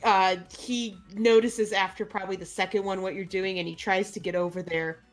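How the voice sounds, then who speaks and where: A woman narrating a tabletop game as game master, relaxed, with frequent pauses and laughs. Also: mid-range voice, soft background music.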